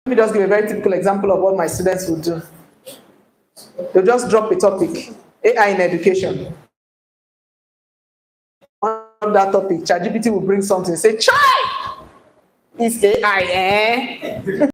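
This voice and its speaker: A woman with a Nigerian accent giving a live workshop lecture, animated and coaxing her audience with repeated points. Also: mid-range voice, a little hiss or hum. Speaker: workshop trainer. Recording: echoey hall.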